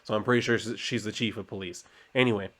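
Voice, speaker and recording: A man's voice: lowish voice, steady tone, quick pace, a bit bright. Chatty man reviewing comics. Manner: chatty, joking, many fillers. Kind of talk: casual comic book review.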